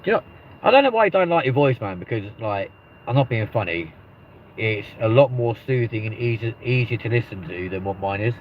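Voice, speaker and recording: A man's voice: medium pitch, big pitch swings, brisk. A man with a London accent hosting a live stream, chatting casually in rambling banter and swearing freely. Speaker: livestream host. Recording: muffled lo-fi with faint noise.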